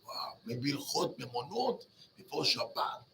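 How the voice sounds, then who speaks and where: A man's voice: medium pitch, fast, slight background noise. A rabbi telling a Talmud story to a class, switching between Hebrew and English and acting out the characters. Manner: lively, mixes Hebrew and English, acts out the characters. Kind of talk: animated storytelling lesson.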